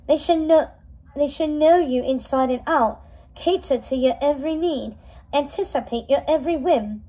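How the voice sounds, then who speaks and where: Imperious queen mother, flat commanding tone, high voice, mellow tone, read by a woman. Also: normal speed, close to an everyday voice, low-quality recording.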